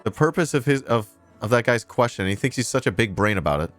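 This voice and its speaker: A man's voice: medium pitch, expressive, fast, fairly bright tone, soft background music. A man commenting sarcastically and indignantly on a news clip during a casual live stream, throwing in crude asides.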